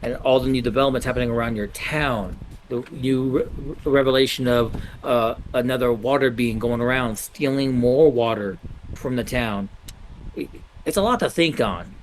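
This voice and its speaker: A man narrating as game master in a loose, halting way with many self-corrections. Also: medium pitch, slight background noise, poor audio.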